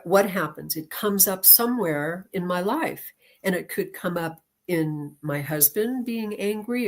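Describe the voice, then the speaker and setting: Woman guest, lower-pitched, animated storyteller with frequent laughs. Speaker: guest teacher and lecturer. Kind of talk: storytelling in an interview.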